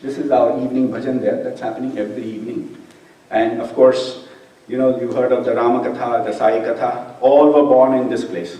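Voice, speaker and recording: A man's voice: mid-range voice, steady tone, a little fast. Man telling stories in an echoey hall. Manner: warm anecdotal storytelling with light laughter. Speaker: speaker at a devotional gathering. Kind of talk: storytelling talk with slides. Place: hall at a devotional gathering. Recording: echoey hall, distant mic.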